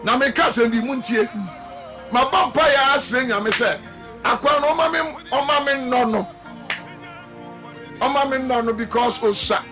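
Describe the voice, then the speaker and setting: A Ghanaian man preaching on a live radio and TV broadcast, half-singing his words and breaking into shouts. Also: very high voice, a little slow, pauses often, music in the background. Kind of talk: live broadcast sermon and talk.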